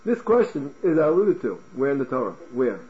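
Animated male Torah teacher, muffled. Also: medium pitch, a little fast. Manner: animated, asks rhetorical questions, restarts words. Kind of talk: Talmud class lecture.

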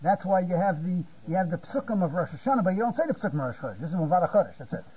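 An older man giving a spontaneous Torah lecture, halting and repeating words, often checking with "you see?". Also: sits high, lively intonation, dark tone, husky. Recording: muffled lo-fi recording.

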